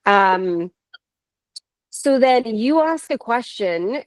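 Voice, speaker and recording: Slow-talking woman telling a ghost story. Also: mid-range voice, dry recording. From Canada. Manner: animated, laughs often, quotes others. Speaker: paranormal investigator guest. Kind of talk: casual storytelling.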